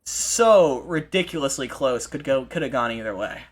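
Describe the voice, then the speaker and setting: A man hosting a live esports broadcast, commentating with excitable energy and frequent restarts. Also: mid-range voice. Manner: excitable, fast restarts and repeated phrases. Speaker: esports play-by-play host.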